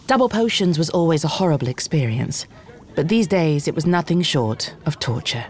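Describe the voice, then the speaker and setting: Steady audiobook narrator. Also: medium pitch, normal speed. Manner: steady, expressive storytelling. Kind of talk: audiobook reading.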